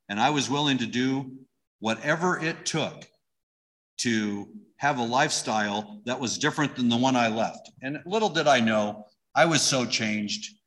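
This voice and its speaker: A man's voice: medium pitch, pushed and bright. A middle-aged man giving an emotional personal testimony in conversational storytelling. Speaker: church member giving testimony.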